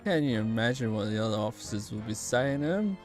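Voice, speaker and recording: A woman's voice: rumbling low, lively intonation, fast, music in the background, pitched below the performer's own voice. A woman streamer voicing an irritable male British police inspector in a lazy, drawling put-on British accent, grumbling and scolding. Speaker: streamer voicing game characters.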